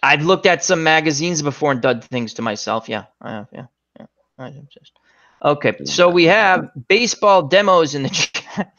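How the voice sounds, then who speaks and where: A man's voice: a little high, lively intonation, normal speed, bright, forceful tone, highs cut off. A middle-aged man hosting a casual chat show, telling joking stories and acting out the people in them. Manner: joking storyteller, acts out voices in anecdotes. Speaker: host.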